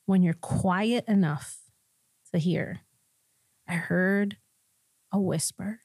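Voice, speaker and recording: Animated woman pastor telling her story. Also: on the low side, slow pace, breathy edge, dry recording. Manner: laughs often between lines. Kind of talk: personal testimony in a podcast conversation.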